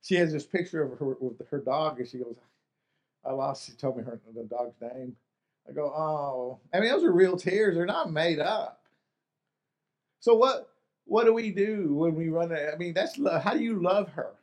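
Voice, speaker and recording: A pastor with a fairly high voice and lively intonation preaches earnestly at a moderate pace, his tone a little mellow. He often restarts phrases and puts rhetorical questions to his listeners.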